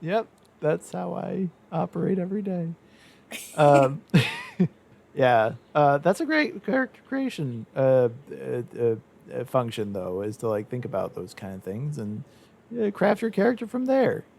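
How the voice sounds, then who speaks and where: A man's voice: fairly high pitch, sing-song, unhurried, creaky, darkish tone. A young man hosting a casual podcast chat, rambling with lots of fillers and frequent laughs. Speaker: podcast host.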